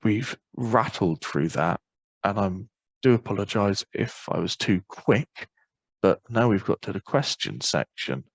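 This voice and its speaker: A man with a Northern Irish accent presenting a webinar, explaining quickly and informally with many fillers. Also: on the low side, lively intonation, vocal fry, slightly rough, dry recording, poor audio. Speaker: webinar presenter on parental leave.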